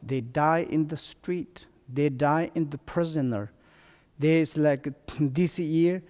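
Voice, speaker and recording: A Buddhist teacher gives a dharma talk, a man speaking slowly in broken English, his first language Tibetan. His voice sits a little high and sounds mellow, with frequent halting restarts. A long reverb hangs on every phrase, as in a hall.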